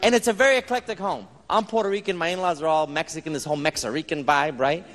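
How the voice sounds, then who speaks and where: A middle-aged man from the Bronx doing stand-up comedy, animated and talking straight to the crowd. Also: on the high side, quick pace. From Bronx, New York. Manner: animated, jokey, talks to the crowd. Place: live comedy stage in a large hall. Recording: echoey hall with crowd noise. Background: audience laughter.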